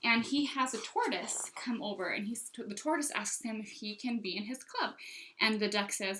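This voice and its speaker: A woman's voice: fairly high pitch, moderate pace, fairly bright tone, rough recording. A young woman who shows off books to camera in a casual, gushing and enthusiastic way. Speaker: book consultant showing books. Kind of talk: casual product show-and-tell.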